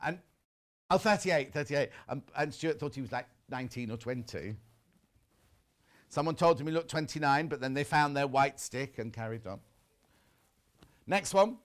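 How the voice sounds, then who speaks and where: Lively chatty male TV presenter. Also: medium pitch, normal speed, long pauses. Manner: lively, gossipy, reads viewer messages aloud. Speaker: shopping channel presenter. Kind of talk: chatty live TV selling. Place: TV studio.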